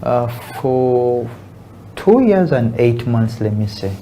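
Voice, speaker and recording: Earnest young man, halting speech. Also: mid-range voice, expressive, warm tone, a little hiss or hum. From Uganda. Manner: earnest, halting, with frequent restarts. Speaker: barista guest. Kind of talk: casual interview.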